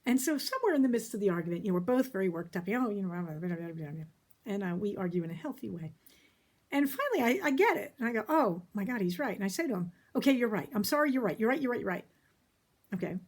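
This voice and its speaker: A middle-aged woman therapist giving a casual, folksy talk about relationships, emphatic and quick to laugh. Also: medium pitch, big pitch swings, darkish tone.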